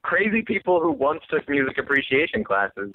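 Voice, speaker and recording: A man's voice: on the high side, big pitch swings, normal speed, dry recording. A young man, a guest musician, telling a story in a laid-back, amused way with some swearing. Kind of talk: casual storytelling. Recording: tinny phone line.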